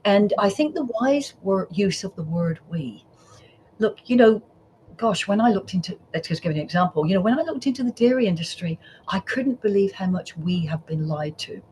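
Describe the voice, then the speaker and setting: A woman's voice: medium pitch, expressive, normal speed. Storytelling woman psychologist, faint background hiss. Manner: warm storyteller, acts out quoted voices. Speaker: psychologist guest. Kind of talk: podcast interview.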